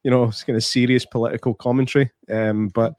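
A man weighs up a film in a reflective, matter-of-fact way during a casual chat. His voice has an average pitch. It is recorded close and dry. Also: little pitch movement, fast, darkish tone, dry recording. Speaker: podcast co-host.

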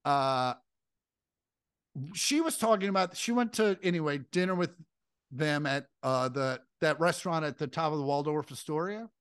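A fairly high-voiced man co-hosting a podcast in a rambling, profane, casual way. He jumps into animated impressions now and then. The sound is dry and close. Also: normal speed, smooth, dry recording. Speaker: podcast co-host.

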